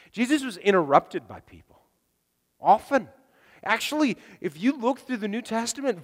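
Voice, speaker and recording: High-voiced male preacher in reverberant hall. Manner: animated, acts out voices in quotes, drops to near whisper. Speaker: pastor. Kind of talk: sermon.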